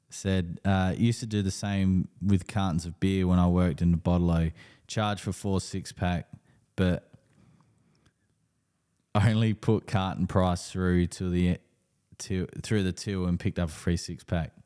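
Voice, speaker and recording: Aussie bloke on a live podcast, mellow tone, swears a lot, rambles. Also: male voice, low-pitched, slow pace, smooth. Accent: Australian. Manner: swears freely, rambling animated storytelling. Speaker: podcast co-host. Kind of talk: casual live podcast chat.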